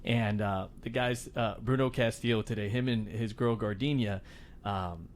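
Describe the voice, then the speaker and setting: A man hosting a podcast interview, telling animated stories and acting out quotes. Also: on the low side, moderate pace, background noise. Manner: animated storyteller, acts out quotes loudly. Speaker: podcast host. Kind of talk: casual interview chat.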